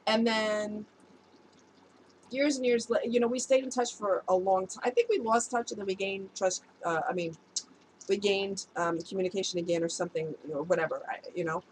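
A woman's voice: mid-range voice, fairly even intonation, moderate pace, slight background noise, poor audio. A woman, an adult past her youth, telling a personal story to her viewers in a casual, chatty way and laughing at herself. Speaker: vlogger giving relationship advice.

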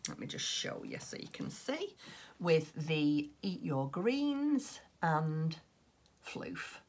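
Husky woman waffling on about her crochet, low voice, lots of ums. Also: sing-song, takes it slowly, darkish tone. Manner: chatty and rambling, with many ums. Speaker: crochet and knitting podcaster. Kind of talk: casual sit-down craft podcast chat.

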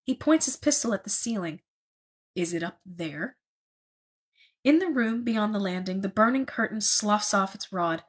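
Brief: woman narrator reading a book aloud, husky and breathy, mid pitch. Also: normal speed, hardly any pauses. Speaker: reader.

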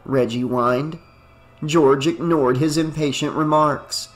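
A man narrating a novel in a steady, even reading voice. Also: fairly high pitch, slow, soft background music. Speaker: audiobook narrator. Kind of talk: scripted narration.

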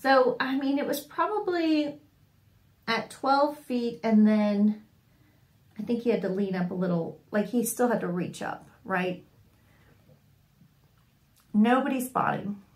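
Woman vlogger, wry storyteller, slow easy delivery, echoey room. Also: on the high side. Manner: wry and animated, often laughing. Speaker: sewing vlogger. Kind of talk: casual storytelling to camera.

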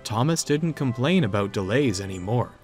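A man narrating a children's story in an expressive storytelling manner. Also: mid-range voice, normal speed, faint music behind.

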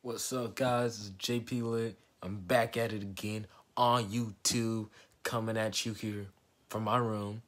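A man's voice: lowish voice, flat delivery, measured pace. A young man vlogging casually from his bedroom about customizing sneakers, rambling and laid-back, sounding sick with a cold. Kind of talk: casual chat to camera.

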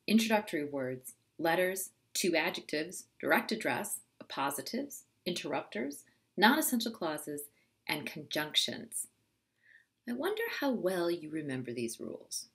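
A middle-aged woman, a writing teacher, narrating a scripted grammar lesson in a clear, teacherly way. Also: fairly low pitch. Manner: clear, expressive teacherly delivery.

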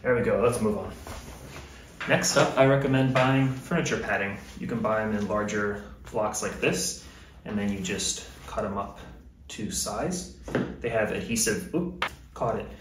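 A man giving a relaxed, upbeat how-to demonstration while handling gear in his home gym. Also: fairly low pitch, normal speed. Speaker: fitness vlogger. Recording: very echoey room, distant mic, faint noise.

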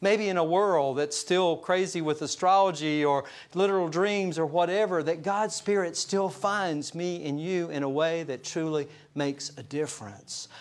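A man with a fairly high speaking voice delivers a sermon from the pulpit. He talks in a relaxed, storytelling way, chuckling along with his own anecdotes. He turns earnest and slows down when he drives a point home. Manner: conversational, chuckles through anecdotes. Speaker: pastor. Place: church service.

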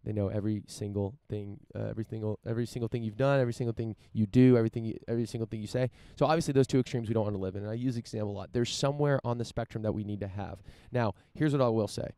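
Fast-talking man with a low, mellow voice. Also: smooth, no room sound, studio quality. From United States. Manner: halting, repeats words while searching for thoughts. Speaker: vlogger commenting on news. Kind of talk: casual commentary, reading news aloud. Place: outdoors in front of a mansion.

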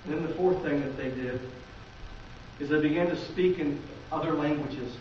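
A man's voice: on the high side, normal speed, slight background noise. Midwest pastor guy preaching, chatty, throws questions at the pews, dull muffled tape. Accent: Midwestern American. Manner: conversational preaching with rhetorical questions to the congregation. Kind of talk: sermon. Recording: very echoey, distant, dull lo-fi.

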